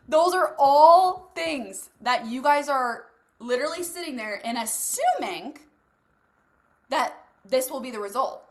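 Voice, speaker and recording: A young woman hosting a live coaching masterclass who talks casually and bluntly, swearing freely and speaking straight to her listeners. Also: high-pitched. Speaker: host leading a live masterclass. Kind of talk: motivational coaching talk.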